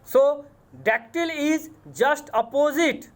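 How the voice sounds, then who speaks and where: A man with an Indian accent, a college English lecturer giving a lecture, speaking deliberately, repeating terms and spelling words out letter by letter. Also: very high voice. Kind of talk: classroom lecture on poetic meter.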